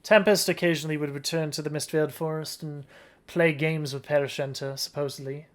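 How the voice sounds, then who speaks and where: Relaxed tabletop game master narrating. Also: medium pitch, fairly quick. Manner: relaxed storytelling, with occasional restarts.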